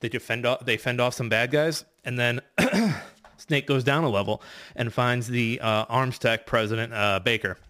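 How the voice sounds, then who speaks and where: A man's voice: mid-range voice, fairly even intonation, moderate pace, fairly bright tone. A man racing through a casual game recap, rambling and profane, full of fillers and restarts. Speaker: podcast competitor recapping a game.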